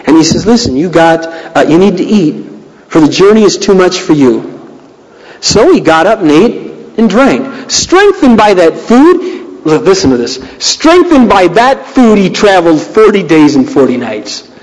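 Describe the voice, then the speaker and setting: A man preaching a sermon as pastor, reading scripture aloud with dramatic, animated delivery. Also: a little high, normal speed, long reverb tail, rough recording.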